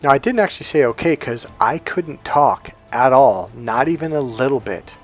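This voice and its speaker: A man's voice: medium pitch, animated, moderate pace, soft background music. A man coaching on life and dating, telling a personal story in a chatty, repetitive way. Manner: conversational, repeats "he goes" while retelling dialogue. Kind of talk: motivational storytelling monologue.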